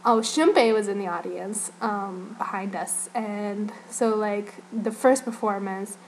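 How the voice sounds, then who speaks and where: A woman's voice: medium pitch, unhurried, a little hiss or hum. A young woman casually recapping a fan event in a vlog, rambling and giggling, filling her talk with "like". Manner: rambling, giggly, heavy use of "like". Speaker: fan vlogger.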